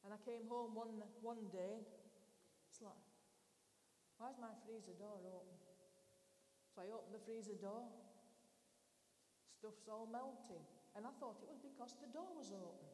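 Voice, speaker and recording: A middle-aged woman preaches in a relaxed, conversational way, leaning on homely stories from her own life. Her voice is warm and mellow. The recording carries a long church-hall echo with a faint hiss underneath. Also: on the high side. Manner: chatty, tells homely personal stories. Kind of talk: conversational sermon.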